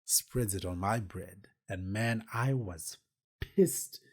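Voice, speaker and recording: A man's voice: on the low side, slow, slightly rough. A man hosting a podcast, telling a personal story casually in a rambling way, with many fillers and restarts. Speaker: podcast host.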